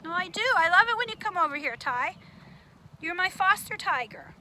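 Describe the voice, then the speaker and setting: A woman teacher leading a children's puppet lesson, patient and gently explaining. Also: very high voice, expressive, moderate pace, slight background noise.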